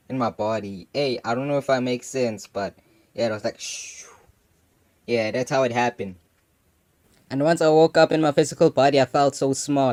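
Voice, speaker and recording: A man's voice: medium pitch, darkish tone. A young adult man telling a personal story in a loose, slangy way, filling his talk with casual asides. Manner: slangy and loose, full of "you know what I'm saying" fillers. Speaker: channel host.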